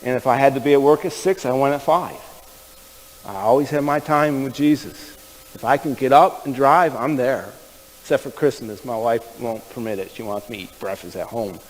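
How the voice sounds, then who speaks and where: A man's voice: medium pitch, normal speed, big-room sound, low-quality recording. A man preaching a sermon, telling stories in a folksy, conversational way and speaking directly to the men in the room. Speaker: pastor. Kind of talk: sermon storytelling.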